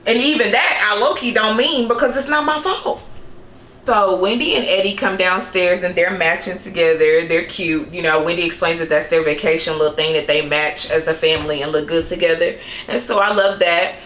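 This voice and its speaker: A woman's voice: lowish voice, fairly even intonation, normal speed, a bit bright, reverberant, slight background noise. A young woman recapping a reality show in casual, sassy commentary, laughing often and throwing in slangy asides.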